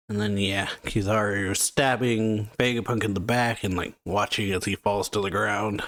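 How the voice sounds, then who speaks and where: A man's voice: fairly low pitch, fairly even intonation, a little slow, a bit bright, no echo. Casual man recapping a comic, dry sound. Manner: loose, filler-heavy narration with frequent "yeah" and "like". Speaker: manga reaction host. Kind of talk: casual chapter recap read aloud.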